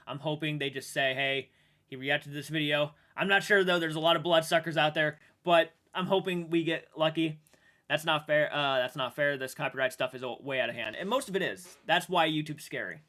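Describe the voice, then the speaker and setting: A man streaming live and chatting with viewers, emotional and halting, restarting sentences and swearing now and then while sounding shaken. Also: a little high, pushed and bright. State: shaken and upset. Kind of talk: livestream chat with viewers.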